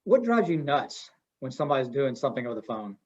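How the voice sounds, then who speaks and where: A man's voice: medium pitch, very animated, fast, a little mellow, slightly rough. A middle-aged man giving an interactive communication workshop in a folksy way, asking his audience questions. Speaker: webinar presenter. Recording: dull lo-fi webinar audio.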